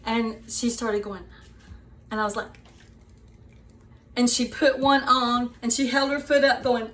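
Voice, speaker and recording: A woman hosting her own show, telling a personal story to her viewers in a chatty, animated way, often laughing and calling them sweeties. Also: fairly high pitch, a little slow, slight background noise. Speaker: show host.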